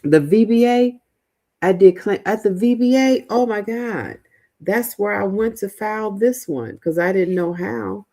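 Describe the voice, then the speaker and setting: A woman's voice: medium pitch, a little slow, warm tone. A middle-aged woman hosting a casual livestream, chatting loosely with viewers and rambling with fillers and restarts. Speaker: livestream host, veteran housing mentor. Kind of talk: casual livestream chat reading viewer comments.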